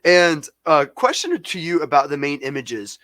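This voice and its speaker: A man's voice: fairly high pitch, big pitch swings, fairly bright tone, dry recording. A man co-hosting a marketing webinar asks questions in a casual way, filling his sentences with "like". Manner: casual, with many "like" fillers and quick agreements. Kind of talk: webinar conversation.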